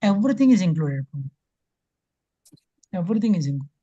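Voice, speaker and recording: Man teacher, fairly high voice, dark and husky, dry dull call audio, earnest storytelling lecture. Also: sing-song, fairly quick, no room sound. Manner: earnest, acts out quotes, many fillers. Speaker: spiritual class teacher.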